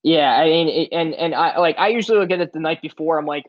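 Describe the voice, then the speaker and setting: A sports podcast co-host speaks fairly quickly in a voice on the high side, with lo-fi sound and no echo. His casual delivery rambles, loaded with fillers, many "like"s, and restarts.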